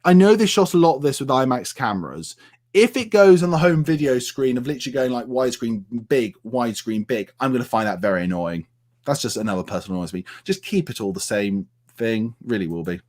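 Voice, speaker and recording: A man's voice: mid-range voice, sing-song, brisk. A man from the United Kingdom chatting casually on a live stream and answering viewers' comments with plenty of fillers.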